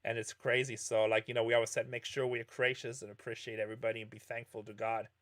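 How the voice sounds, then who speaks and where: A man's voice: mid-range voice, level tone, fast talker, a bit bright. Rambling middle-aged man chatting casually. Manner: rambling, self-correcting storyteller. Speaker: streamer answering viewer questions. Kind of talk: casual livestream chat while playing poker.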